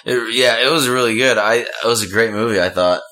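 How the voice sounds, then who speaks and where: A man co-hosting a podcast, chatting casually with enthusiasm and halting, filler-heavy speech. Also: medium pitch, pushed and bright. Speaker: podcast co-host. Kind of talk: casual chat.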